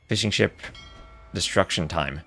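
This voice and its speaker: A man's voice: low-pitched, a little slow, creaky, pushed and bright, slight background noise. A man casting a live strategy game match, calling plays and chatting with viewers between fights. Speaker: esports caster.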